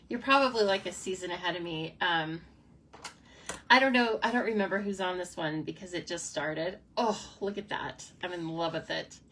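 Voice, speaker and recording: A chatty, excitable woman demonstrates card-making on a live stream and answers viewers as she goes. Her voice sits a bit away from the microphone. Faint background noise runs underneath. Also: fairly low pitch. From United States. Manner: chatty and bubbly, reacts to comments, frequent laughs. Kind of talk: casual live crafting demo, chatting with viewers. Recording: somewhat distant mic with faint noise.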